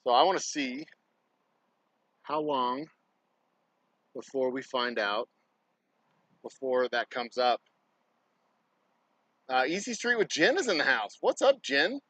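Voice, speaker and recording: A man in a mid-range voice, talking loosely and a bit scattered as he works through a task on a livestream. He swears freely, thinks out loud and chats to viewers between jobs. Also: mid-range voice, expressive, takes it slowly, long pauses, dry recording, rough recording. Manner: rambling, swears freely, talks to himself while working. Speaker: distillery owner livestreaming. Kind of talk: casual livestream chatter. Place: indoors at a distillery workspace.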